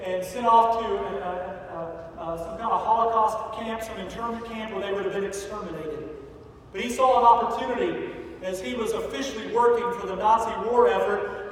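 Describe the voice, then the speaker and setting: A male pastor giving a sermon in a large church sanctuary, telling a story and building to loud, emphatic peaks. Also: high-pitched. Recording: echoey hall from far off, faint noise.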